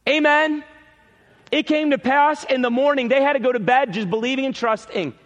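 A male pastor preaching a sermon in a church, emphatic, repeating key phrases and swinging between loud peaks and quiet drops. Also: extremely high pitch, moderate pace, big-room sound.

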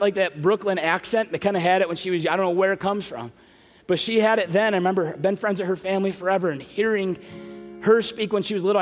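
High-voiced pastor preaching in a reverberant hall. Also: male voice. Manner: storytelling, emotional, breaks into quick asides. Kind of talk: sermon. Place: large church sanctuary. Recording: long hall reverb, soft music behind.

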